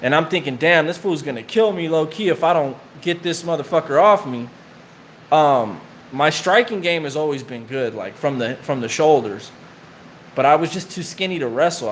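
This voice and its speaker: Slangy cussing guy rambling about old prison days, kinda high voice, faint hiss behind. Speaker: vlogger telling prison stories. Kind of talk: casual storytelling while getting tattooed.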